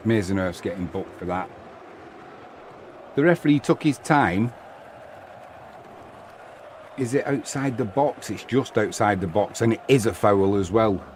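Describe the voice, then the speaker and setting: A man's voice: lowish voice, animated, unhurried, long pauses, darkish tone, a little hiss or hum. A man hosting live football commentary, chatting and reading out viewer comments between plays. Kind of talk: live watch-along commentary.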